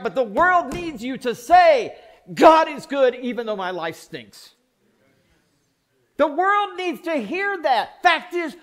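A man's voice: very high-pitched, fairly bright tone. A man preaching a sermon as pastor, folksy and plain-spoken. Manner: folksy, plain-spoken, mock voices for effect.

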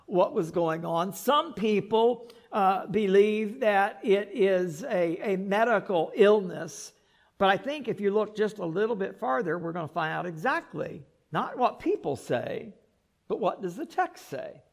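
A male pastor preaching a sermon in an animated way, repeating words and adding joking asides. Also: sits high, a little slow, gravelly.

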